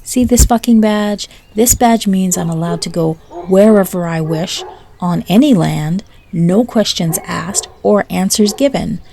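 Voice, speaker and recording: A woman's voice: medium pitch, unhurried, gravelly, warm tone, a little hiss or hum. A woman reading as an arrogant, bullying drug officer. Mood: blustering. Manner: blustering, profane, demanding.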